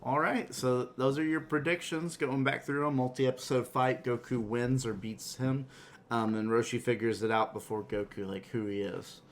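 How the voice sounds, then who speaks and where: Male podcast co-host, relaxed and agreeable, steers the segments, slight background hiss. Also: medium pitch, moderate pace. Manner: laid-back, agreeable, leads the segments. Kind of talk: casual podcast chat.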